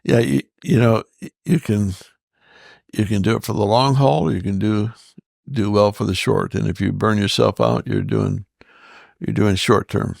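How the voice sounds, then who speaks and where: An older man, a pastor and interview guest, talking in a gentle, thoughtful way with frequent restarts. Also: fairly low pitch, moderate pace, creaky, no echo, clean studio sound. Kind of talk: relaxed conversational interview.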